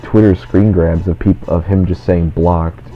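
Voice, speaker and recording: This let's play host has a low voice, a steady tone, and a slightly slow pace as he chats casually while gaming. His talk rambles along, studded with "like" at every turn. Faint game music plays under a dull, lo-fi recording.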